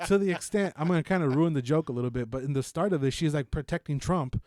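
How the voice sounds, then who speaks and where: Man, podcast co-host, rambling and profane, mellow voice, dry close sound. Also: on the high side, fast talker, no room sound. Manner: rambling, profane, self-mocking. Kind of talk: casual chat reviewing shows.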